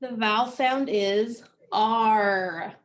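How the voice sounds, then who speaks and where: Slow, patient phonics teacher woman. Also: fairly high pitch. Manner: slow, patient, asks and answers own questions. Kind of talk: phonics lesson for children.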